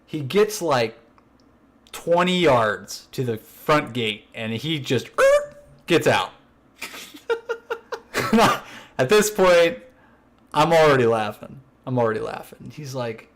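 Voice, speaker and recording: A man's voice: medium pitch, takes it slowly, long pauses. Man animatedly telling a funny story. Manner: animated, acts out quotes of coworkers; laughs while telling the story. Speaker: podcast co-host. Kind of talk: casual storytelling chat.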